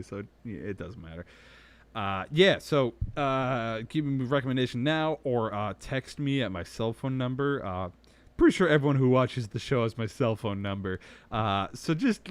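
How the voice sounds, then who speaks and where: A young man hosting a casual livestream show, rambling and self-mocking, jumping from mumbled asides to excited outbursts. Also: mid-range voice.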